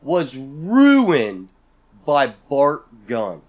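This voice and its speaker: A man's voice: on the high side, wildly swooping pitch, very slow, highs cut off. A man co-hosting a podcast, venting in a profane, exasperated rant full of sarcastic mock quotes. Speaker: podcast co-host.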